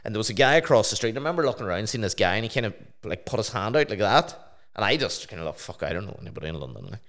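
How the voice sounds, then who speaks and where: Low, smooth-voiced man. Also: expressive, racing, fairly bright tone. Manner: swears freely, storytelling in a low mumble. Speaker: podcast co-host, DJ. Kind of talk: casual podcast chat.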